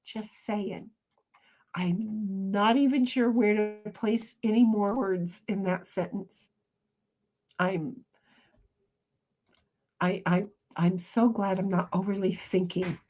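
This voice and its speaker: A woman live streamer chatting casually and reading viewer comments aloud, rambling with frequent restarts and soft trailing asides. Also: medium pitch, steady tone, slow pace, pauses often.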